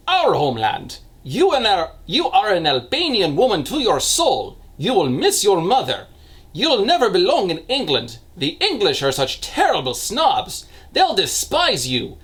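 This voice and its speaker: A man's voice: sits high, wildly swooping pitch, normal speed, a bit bright, slightly rough, voice pushed up, full character voice. A man hamming up a pleading kidnapper with a fake accent. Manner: over-the-top fake Eastern European accent. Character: pleading, manipulative male kidnapper, begging.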